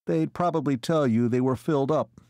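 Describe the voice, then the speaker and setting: A man reading an audiobook, voicing a calm, even-tempered army captain who speaks mildly and courteously. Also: mid-range voice, normal speed, no echo, pitched above the performer's own voice, close to an everyday voice.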